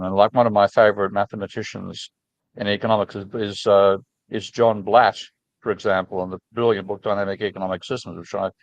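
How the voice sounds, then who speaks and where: A man with a low voice, chatting casually as host and wandering through stories with plenty of false starts. He sounds frank and enthusiastic, recorded close and dry. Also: no echo, muffled recording. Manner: rambling, restarting anecdotes. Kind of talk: casual conversation.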